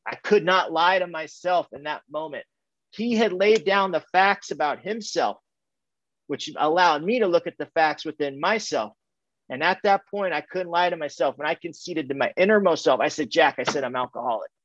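A man shares his recovery story as casual testimony, with a slightly raised pitch and a loose, rambling delivery. He mocks himself with dry humor and leans on "man" and "dude". The recording is dry and a little dull. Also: normal speed, fairly bright tone, dry recording. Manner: loose and chatty, stacks up "and, and, and", peppers lines with "man" and "dude"; self-mocking humor with small laughs.

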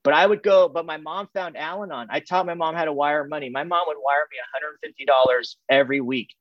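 A man's voice: a little high, fairly even intonation, no room sound. Man telling a raw recovery story. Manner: candid, repetitive, halting restarts. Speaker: speaker sharing his recovery story. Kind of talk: personal testimony talk. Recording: dull, muffled, dry sound.

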